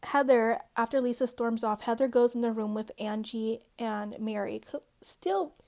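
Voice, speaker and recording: Chatty woman with a gravelly fry. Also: a little high, moderate pace, dark tone. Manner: chatty, peppered with "like" and "um". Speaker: reality TV recap host. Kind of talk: casual recap chat.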